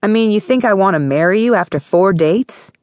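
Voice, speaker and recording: A woman's voice: deep voice, normal speed, no room sound, clean studio sound, lightly acted. A woman voicing a blunt, sarcastic young female college student in an audiobook.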